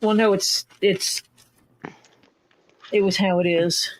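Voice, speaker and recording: A woman's voice: mid-range voice, steady tone, takes it slowly. Chatty woman hosting a craft livestream. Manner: chatty, rambling, tells stories with quoted dialogue. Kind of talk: casual chat.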